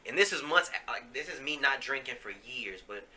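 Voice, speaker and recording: A man hosts a podcast and shares a personal story in a confessional way. His speech is casual and full of fillers and swearing. His voice is very bright and forceful, at an average pitch. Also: lively intonation, moderate pace. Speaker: podcast host.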